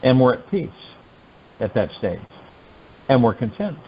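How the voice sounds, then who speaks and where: A man hosting a meditation call, giving a spiritual teaching talk in an animated, musing way full of rhetorical questions. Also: mid-range voice, measured pace, highs cut off, a little hiss or hum. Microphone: telephone conference line.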